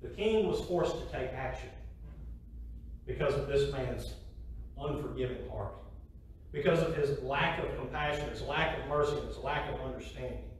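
A man's voice: mid-range voice, moderate pace. A middle-aged man preaching a sermon, emphatic, repeating key phrases and asking the congregation rhetorical questions. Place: church sanctuary. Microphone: distant mic. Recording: very echoey hall from a distance, faint hiss.

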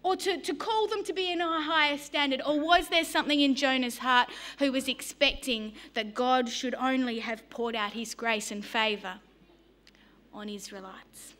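High bright Australian woman preaching. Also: moderate pace. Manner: lively storytelling with humour. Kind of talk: sermon.

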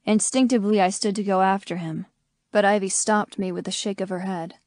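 A woman reading an audiobook as scripted first-person narration, in a measured, steady manner on a close studio mic. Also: medium pitch, no room sound.

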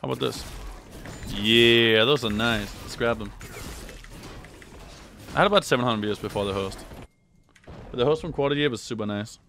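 A young man commentating his own gameplay on a live stream, swearing, trash-talking and yelling when excited. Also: medium pitch, moderate pace, gravelly, long pauses, a little hiss or hum. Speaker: gaming streamer.

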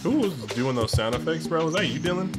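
An excitable young man hosting a game role-play, bantering with his friends. His pitch jumps around a lot as he jokes. Game music plays steadily behind him. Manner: excitable, joking banter, quick outbursts. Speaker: role-play channel host.

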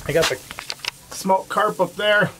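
A man's voice: sits high, a little slow. A man hosting a homestead vlog outdoors by his smokehouse, chatting casually and playfully with his family and his guest. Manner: chatty, playful, talks to his kids and animals. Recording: noisy outdoor farm ambience.

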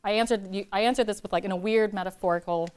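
A woman poet in her thirties, from California, answering audience questions in a chatty, animated way, laughing often and filling her talk with "like". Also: mid-range voice, quick pace, clean tone. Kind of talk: casual talk at a reading Q&A.

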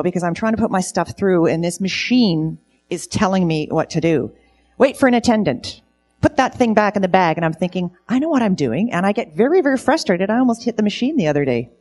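A woman's voice: sits low, a little mellow. A middle-aged woman telling stand-up comedy stories on stage, in a dry storytelling way. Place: event stage.

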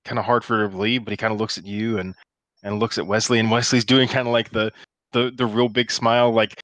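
A man narrating as game master for a tabletop role-playing session, talking in halting bursts with many restarts. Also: on the low side, level tone, fairly bright tone, no echo. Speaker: dungeon master.

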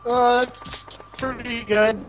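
A woman's voice: on the high side, level tone, takes it slowly, faint music behind. A woman chatting casually beside a gamer, teasing and encouraging him. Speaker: off-camera companion. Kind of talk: casual chat.

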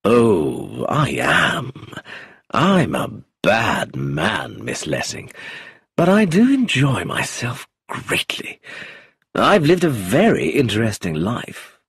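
A man's voice: fairly low pitch, wildly swooping pitch, slow pace, a bit bright, husky, no room sound, studio quality, full character voice. A man playing a charming, amused rogue who is cold underneath, drawling and chuckling as he talks in a storybook reading.

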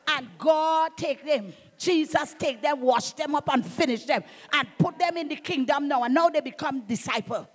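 A middle-aged woman pastor with a Trinidadian accent preaches a sermon with fervent emphasis, calling out to her congregation and breaking into shouts. Her voice is high, her speed normal, and she pauses little.

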